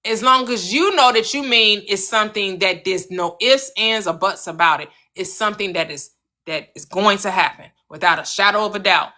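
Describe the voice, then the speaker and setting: Bright-voiced woman coaching on manifestation. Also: normal speed. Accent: American. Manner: earnest, coaching, repeats phrases, lively swings in pitch. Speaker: manifestation channel host. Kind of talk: motivational spiritual talk.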